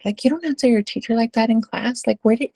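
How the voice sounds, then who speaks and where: A woman's voice: a little high, fast talker, mellow, no echo. A middle-aged woman with a Texan accent, a school administrator answering interview questions in a casual storytelling way, with lots of fillers and "right?" tags.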